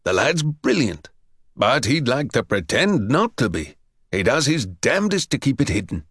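A man voicing an earnest male math teacher in a low, plain, measured delivery. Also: sing-song, fairly bright tone, dry recording, studio quality.

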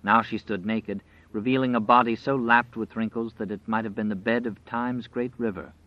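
Man narrating an audiobook in a measured way. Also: fairly low pitch, fairly even intonation, no room sound. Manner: measured, dramatic storytelling. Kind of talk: scripted narration. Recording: dry, slightly dull recording.

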